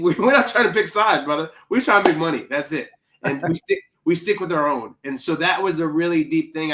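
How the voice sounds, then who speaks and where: An energetic man co-hosts a film discussion, his voice sitting a little high and ringing bright. He jumps into acted-out quotes and exclamations, the rhythm of easy, excited conversation. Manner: animated, exclaims and acts out quotes. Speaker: film podcast co-host.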